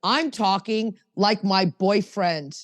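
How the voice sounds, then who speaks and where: Woman, podcast co-host, animated storyteller, dry mic with a long reverb tail. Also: mid-range voice, takes it slowly. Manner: animated storytelling with acted quotes. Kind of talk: casual recovery podcast talk.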